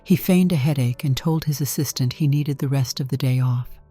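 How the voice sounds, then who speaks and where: A woman narrating a story in a calm, measured way from a script. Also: very deep voice, husky. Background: faint music.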